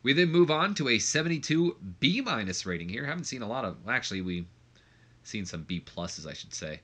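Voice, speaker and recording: A man's voice: mid-range voice, sing-song, fairly quick, pushed and bright. Rambling young man commenting a wrestling sim. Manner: rambling, many fillers and restarts, says like a lot. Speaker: let's play commentator. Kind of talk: casual game commentary.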